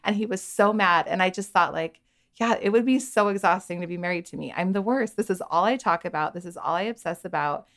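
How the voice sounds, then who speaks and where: A woman's voice: on the low side, fairly quick, fairly bright tone. A woman in her thirties, a podcast guest, candidly telling a personal story in a chatty way, often quoting her own thoughts. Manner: candid, chatty, full of "like" and quoted inner thoughts.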